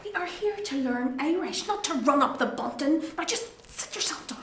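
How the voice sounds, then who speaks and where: An actress playing a sensible, dry-witted friend with a Belfast accent. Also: female voice, high-pitched, lively intonation, normal speed. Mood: firm. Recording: echoey room, faint hum.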